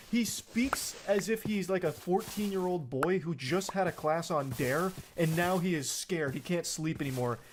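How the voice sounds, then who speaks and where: An online commentator, a man with a slightly high voice, does reaction commentary over a noisy background. He reads text messages aloud with sarcastic disbelief and swears freely.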